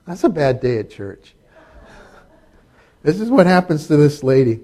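A man's voice: a little high, big pitch swings, a little slow, mellow. A middle-aged man preaching a sermon, talking in a conversational way with humorous asides. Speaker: pastor.

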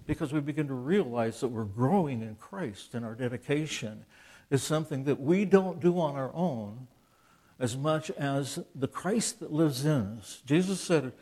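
A man's voice: mid-range voice, animated, moderate pace, mellow. A man in his seventies, a Christian author, gives an informal, conversational preaching talk. He rambles with restarts and asides, and he acts out quoted dialogue in an earnest, plainspoken way. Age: 70s.

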